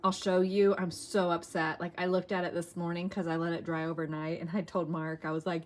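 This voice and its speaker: A woman's voice: lowish voice, little pitch movement, a little fast. Chatty woman hosting a crafting vlog. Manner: chatty and self-deprecating, with many fillers. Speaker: crafting channel host. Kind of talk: casual crafting flip-through vlog.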